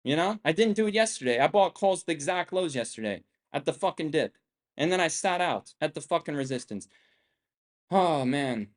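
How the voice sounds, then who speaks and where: A man's voice: a little high, lively intonation, moderate pace. A young man hosting a trading live stream, ranting with constant swearing, boastful and combative, firing off the same rhetorical questions again and again. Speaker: trading livestream host. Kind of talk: profane live-stream rant.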